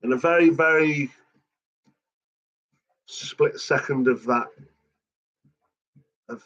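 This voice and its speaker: Husky, sweary man. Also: fairly high pitch, takes it slowly, fairly bright tone, highs cut off. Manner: sweary, rambling, emotional. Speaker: son of a late cartoonist, guest. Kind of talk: casual emotional chat.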